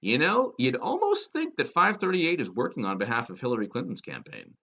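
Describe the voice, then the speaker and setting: A man's voice: medium pitch, huge pitch swings, brisk, pushed and bright, dull audio. A man giving a political commentary monologue, sarcastic and emphatic, firing off rhetorical questions.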